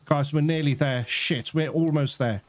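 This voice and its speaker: A young man giving live gameplay commentary as a channel host, excitable, swearing and groaning at the game. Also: a little high, moderate pace, slight background noise. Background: game music.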